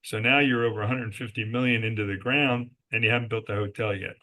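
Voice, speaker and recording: A man's voice: on the low side, steady tone, quick pace, bright, forceful tone. A man as a guest in a podcast interview, telling business stories emphatically and answering his own rhetorical questions. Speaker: guest, resort company executive.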